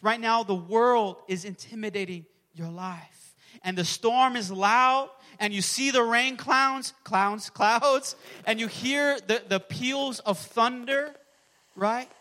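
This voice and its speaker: A male pastor preaching with a strikingly high, bright, ringing voice. He calls out to his congregation, swings from loud shouted prayers down to near-whispers, and sounds close and dry on the mic. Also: slow, no echo. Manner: impassioned preaching, shouting prayers and dropping to a hush. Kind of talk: sermon.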